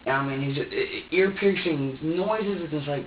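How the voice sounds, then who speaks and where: A man's voice: fairly high pitch, unhurried, hardly any pauses, a little hiss or hum. Rambling man in a tinny interview room. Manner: rambling, repetitive, defensive. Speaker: suspect being questioned. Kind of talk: police interrogation. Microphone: far room microphone. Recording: tinny, echoey room audio from far off.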